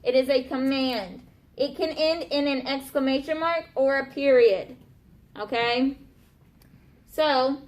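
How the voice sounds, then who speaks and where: A woman with a high voice teaches a grammar lesson in a classroom. She is patient and keeps checking in with her pupils, asking "okay?" and "right?" after almost every point. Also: slow. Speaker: elementary school teacher.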